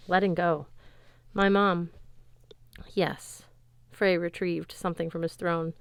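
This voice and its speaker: A woman giving a steady, wry first-person audiobook narration in a studio. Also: fairly low pitch, slow, clear, resonant tone, no echo.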